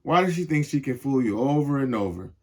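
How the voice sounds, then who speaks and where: A man's voice: mid-range voice, lively intonation, a little fast, close to an everyday voice. Skeptical little cartoon sister, read by a man. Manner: doubtful, questioning.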